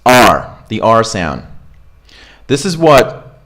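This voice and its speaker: A man's voice: lowish voice, sing-song, drawn-out words, a bit bright. A man coaching English pronunciation in a casual, chatty way, full of fillers and check-ins, filmed on camera. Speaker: accent coach. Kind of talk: pronunciation lesson. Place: home studio with camera.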